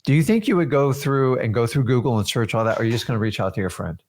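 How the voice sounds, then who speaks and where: Brief: mid-pitched man, motivational co-host, direct and emphatic. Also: quick pace, a little mellow. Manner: emphatic, coach-like, addresses viewers directly. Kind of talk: motivational casual chat.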